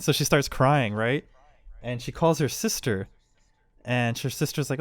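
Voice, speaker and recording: A man's voice: medium pitch, moderate pace, no echo. Rambling, laughing male podcast co-host. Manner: rambling storyteller, laughs often, acts out quoted lines. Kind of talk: casual chat.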